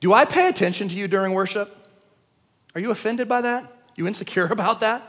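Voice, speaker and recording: High bright-voiced preaching man. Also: brisk. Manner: casual slang, swings from shouting to quiet. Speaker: pastor. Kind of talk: sermon. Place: church service. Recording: long church hall reverb.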